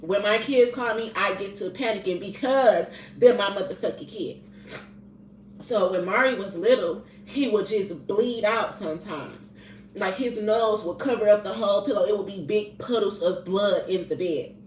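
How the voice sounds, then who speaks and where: A woman's voice: medium pitch, normal speed. A woman in her thirties giving a candid personal testimony, blunt and profane, with colloquial grammar. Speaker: vlogger sharing personal testimony. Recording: roomy echo, distant from the mic, faint background noise.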